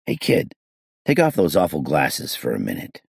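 A blunt, curt hotel guest speaks in a very deep voice, as the male narrator voices him. The tone is gravelly and husky, and the recording is close and dry. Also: huge pitch swings, normal speed, no room sound, full character voice.

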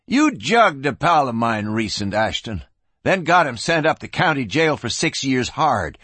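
A man's voice: medium pitch, big pitch swings, measured pace, bright, forceful tone, slightly rough, no echo, heavily acted. A man voicing a cocky, mocking young gunslinger in a western audiobook, with a brash, taunting drawl.

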